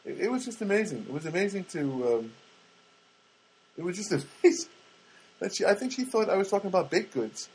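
A man's voice: sits high, sing-song, a little fast, pauses often, darkish tone, breathy edge, rough recording. A man hosting a podcast, telling rambling comic stories in a chatty, self-interrupting way full of asides. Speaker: podcast host. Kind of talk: rambling comic storytelling monologue.

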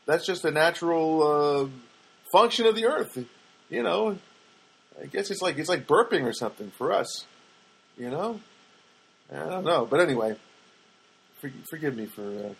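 A man's voice: on the high side, fairly bright tone, rough recording. A man telling a casual, rambling story with many fillers and restarts, with wry, self-deprecating asides.

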